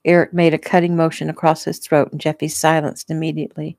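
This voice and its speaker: A woman's voice: low-pitched, level tone, quick pace, darkish tone, no room sound. A woman author reading her own novel aloud casually and unpolished, as if at home. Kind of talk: casual audiobook narration.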